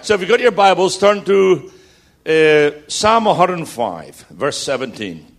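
Guest preacher, male, higher-pitched, rousing and humorous. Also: big pitch swings, a little slow. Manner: rousing, builds to loud repeated declarations; jokey storytelling asides. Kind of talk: sermon.

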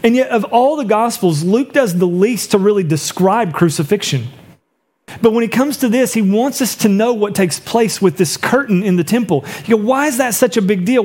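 Man preaching an earnest sermon. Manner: earnest preaching, drops low and soft for quoted words. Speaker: pastor.

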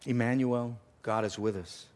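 A man's voice: mid-range voice, fairly even intonation, moderate pace, a little mellow. A man preaching a sermon, earnest, repeating phrases for emphasis and sometimes dropping almost to a whisper. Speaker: pastor.

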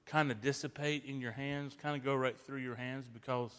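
A man preaching a sermon, swinging from hushed, slow passages to loud, emphatic bursts. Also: medium pitch, steady tone, clear, resonant tone. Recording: long reverb of a large hall.

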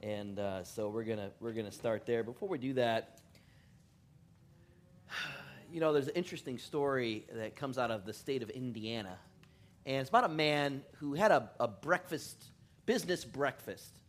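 A male pastor preaching a relaxed, joke-filled sermon in a church. He chuckles often, pokes fun at himself and rambles from aside to aside, at a middling pitch. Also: normal speed. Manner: chuckling, self-deprecating, rambling. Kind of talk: joking sermon. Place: church in California.

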